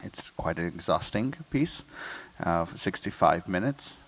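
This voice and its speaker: An American man with a low, deep voice talks through a symphony as a guest conductor. He breaks into sung and hummed bits of melody to illustrate what listeners will hear. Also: lively intonation, measured pace. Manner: sings and hums melodies to illustrate points. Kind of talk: explaining music in an interview.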